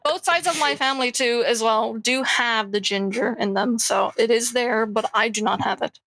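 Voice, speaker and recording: A woman with a bright, sharp voice chatting casually on a stream and swearing freely. She sits slightly above the usual pitch, and the sound is close and dry. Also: normal speed, no room sound, rough recording. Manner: swears, laughs a lot. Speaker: guest. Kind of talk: casual chat.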